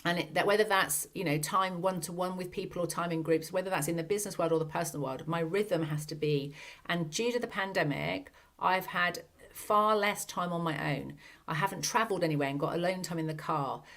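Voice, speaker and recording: A woman talks on her own podcast, sincere and reflective, asking one rhetorical question after another. Her voice sits a little low for a woman, and she speaks as a coach working through her own experience. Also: a little fast, a bit bright. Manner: earnest, many rhetorical questions. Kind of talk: reflective solo podcast talk.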